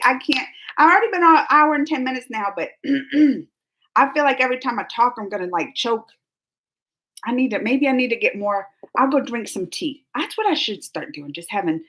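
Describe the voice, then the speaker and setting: A woman's voice: fairly high pitch, a bit bright. A woman, chatting on a livestream, laughing and calling viewers by name while her throat keeps catching and she coughs. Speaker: livestream host. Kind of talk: casual chat reading viewer comments.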